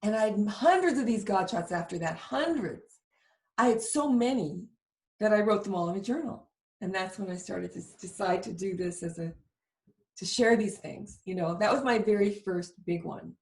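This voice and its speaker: A woman's voice: medium pitch, normal speed, darkish tone, echoey room. A woman host telling a heartfelt personal story in a candid, vivid way during a conversation. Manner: emotional, vivid confessional storytelling. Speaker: show host.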